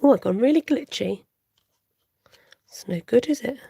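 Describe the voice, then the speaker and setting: A woman's voice: fairly high pitch, animated, normal speed, creaky, warm tone, breathy edge, no room sound, clean studio sound. A woman hosting a live crafting stream, thinking aloud, humming and chatting with viewers.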